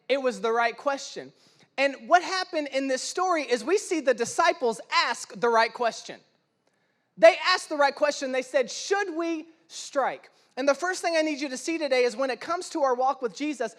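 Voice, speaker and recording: A young man preaching a sermon in church, telling stories in a lively, humorous way and acting out the voices of the people he quotes. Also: very high-pitched. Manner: animated, acts out quoted voices, self-deprecating humor. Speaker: pastor. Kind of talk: sermon with storytelling.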